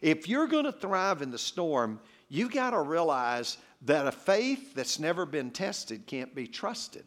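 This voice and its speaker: A man preaching as a guest speaker, telling a personal story with humor in an animated way. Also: fairly high pitch, measured pace, hardly any pauses.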